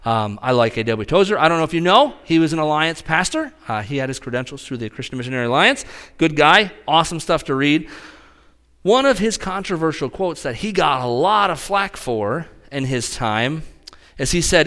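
A man preaching a conversational sermon as a pastor, talking straight to his congregation in an animated way. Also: fairly high pitch, normal speed.

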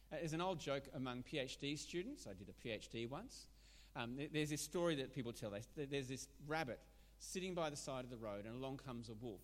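A man preaching a sermon, animated and emphatic, often restarting his words. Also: mid-range voice. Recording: long hall reverb.

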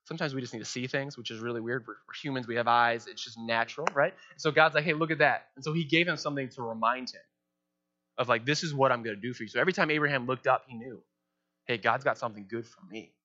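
A young man preaching a sermon as pastor, animated, acting out quoted prayers in playful voices. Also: medium pitch, quick pace. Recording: dull lo-fi sound.

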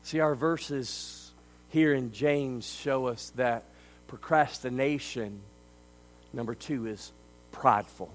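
A man preaching a sermon as a pastor. He delivers it emphatically, swinging between quiet stretches and loud ones. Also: mid-range voice, takes it slowly, rough recording.

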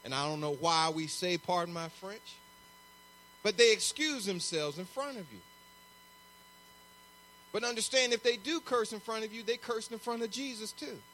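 High-voiced animated male pastor preaching. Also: normal speed, long pauses, a little hiss or hum. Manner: animated, conversational preaching with acted-out asides. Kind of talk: sermon.

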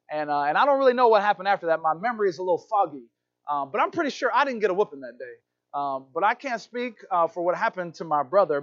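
A man with a high voice delivers a sermon, telling personal stories with lively energy and acting out the people in them. The recording sounds slightly dull and muffled. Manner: animated storytelling, acting out quoted voices. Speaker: pastor.

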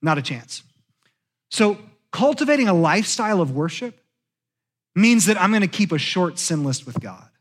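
A man preaching a sermon as pastor in a church, talking conversationally and sinking to hushed tones for confessions. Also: high voice, sing-song, normal speed. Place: church sanctuary.

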